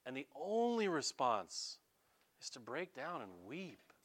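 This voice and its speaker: A man preaching a sermon, animated and acting out the voices he quotes, stumbling over quick restarts. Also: mid-range voice. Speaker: pastor.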